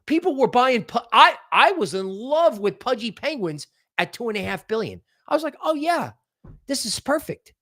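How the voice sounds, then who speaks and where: A man hosting a crypto livestream, giving market commentary in an excitable, rambling way and thinking aloud as he goes. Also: very high-pitched, moderate pace, few pauses, no room sound, clean studio sound. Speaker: crypto channel host.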